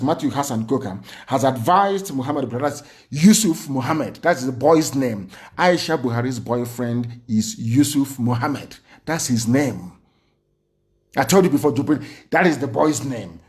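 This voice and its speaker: A man's voice: mid-range voice, darkish tone. A man giving an impassioned, indignant livestreamed speech full of rhetorical questions. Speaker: political speaker.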